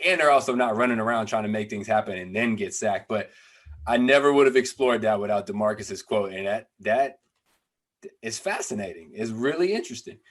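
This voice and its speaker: A man who played pro football, co-hosting a sports podcast, analytical and emphatic with frequent restarts. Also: mid-range voice. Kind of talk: casual sports podcast chat.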